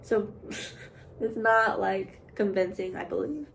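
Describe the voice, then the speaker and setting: A young woman, an art student, chatting casually on her vlog in a rambling way, full of fillers and with the odd soft aside. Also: medium pitch, slow, vocal fry, slight background noise. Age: young adult. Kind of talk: casual chat.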